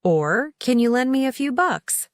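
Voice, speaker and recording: A woman's voice: on the high side, sing-song, a little slow, dry recording, studio quality. A woman narrating a scripted lesson on English slang, lifting her voice for each example phrase. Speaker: English teacher.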